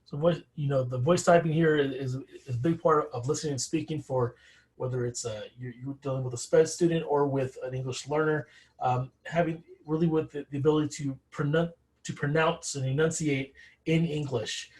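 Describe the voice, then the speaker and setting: A man co-presenting a teacher webinar, speaking in a halting way with repeated words. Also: on the high side, steady tone, darkish tone, poor audio.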